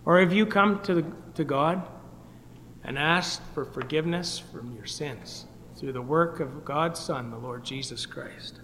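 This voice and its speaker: Canadian guy preaching a gospel meeting, highish voice, pleading, long hall echo. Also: expressive, unhurried, a bit bright, slight background noise. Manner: earnest, pleading, rises and drops in volume. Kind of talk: evangelistic gospel sermon.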